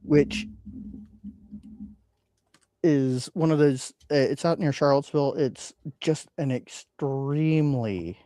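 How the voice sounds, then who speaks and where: A man's voice: medium pitch, dark tone, no echo. A man hosting a casual whiskey podcast, rambling with frequent ums and uhs. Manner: rambling, hesitant with many fillers. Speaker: podcast host. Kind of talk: casual chat.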